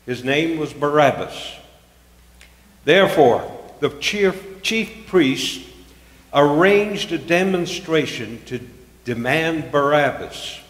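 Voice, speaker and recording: A man reading scripture aloud at a church service in a measured, solemn way, raising his voice for the shouted lines. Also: a little high, lively intonation. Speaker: scripture reader. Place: church sanctuary. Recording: echoey church hall.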